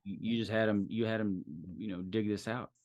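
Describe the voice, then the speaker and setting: A man's voice: on the low side, level tone, brisk, a little mellow, no echo, dull audio. A man running a tabletop role-play session as game master, narrating in a loose, easygoing way with plenty of fillers.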